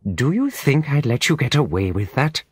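A man voicing a spiteful middle-aged woman in an audiobook, with a high-pitched nasal voice and sneering delivery. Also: big pitch swings, measured pace, a bit bright, no echo. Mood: furious. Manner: sneering, contemptuous.

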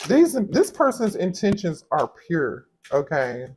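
A man doing a casual tarot reading for his viewers, animated and exclaiming, talking straight to them. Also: on the high side, a little slow, noisy background. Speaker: tarot reader.

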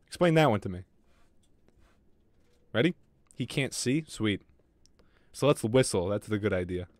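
Jittery swearing gaming streamer. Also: male voice, fairly low pitch, lively intonation, unhurried, darkish tone, no room sound. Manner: jittery, swearing, talks to chat. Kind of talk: live gameplay commentary.

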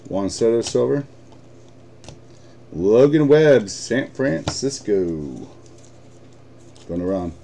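A man's voice: mid-range voice, lively intonation, slow, vocal fry, long pauses, mellow, a little hiss or hum. A man with an American accent hosting a live card break, chatting casually, swearing and laughing often.

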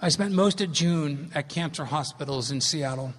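A man in his fifties giving an animated, emphatic public science lecture in a large hall. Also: fairly high pitch, normal speed, slight background noise. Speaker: lecturer on fungi. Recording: long reverb of a lecture hall.

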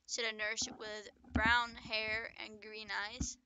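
A woman's voice: a little high, monotone, takes it slowly, hardly any pauses, pushed and bright, clear, resonant tone, dry recording. A woman reading her own story aloud, casually, often breaking off to joke and comment on it. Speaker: author reading own book.

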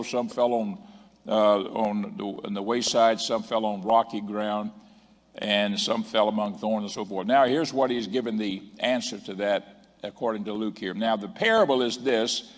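Preaching man in an echoing church hall. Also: lowish voice. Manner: drawn-out emphatic phrasing with repeated refrains; stumbles over references and corrects himself. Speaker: bishop preaching. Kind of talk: sermon. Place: large church sanctuary. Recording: long reverb of a church hall.

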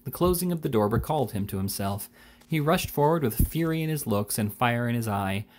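A man reading a classic novel aloud in a measured, unhurried way. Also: mid-range voice, animated, darkish tone, slight background noise. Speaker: reader.

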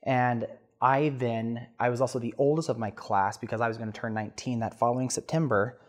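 A man in his thirties, a podcast guest telling a personal story in an earnest, animated way with restarts. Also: mid-range voice, brisk.

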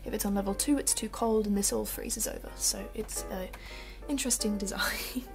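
A woman's voice: mid-range voice, fairly even intonation, moderate pace, gravelly, a little mellow. A young Australian woman whose accent drifts British, chatting casually with fillers and giggles while showing around her small apartment. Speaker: vlogger. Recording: echoey small room, faint background music.

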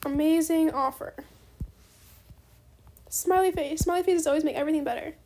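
A young woman chatting bubbly and fast while playing a game, often saying bestie. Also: high-pitched, steady tone, dark tone, a little hiss or hum. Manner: bubbly, fast-talking, says bestie a lot. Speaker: gaming YouTuber. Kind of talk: casual gameplay commentary.

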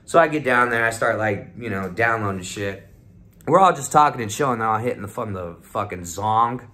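A man's voice: on the low side, lively intonation, fairly quick, sharp tone. A young man telling a rambling, heavily profane story in a casual vlog, often acting out what his friends said. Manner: profane, rambling, swears constantly; acts out the voices of friends in quotes. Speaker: vlogger telling a trip report.

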